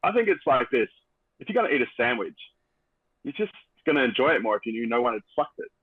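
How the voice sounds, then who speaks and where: A man quoting a deadpan comedy vampire. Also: medium pitch, quick pace, slightly rough, no echo, narrow, tinny audio. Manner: deadpan, dry.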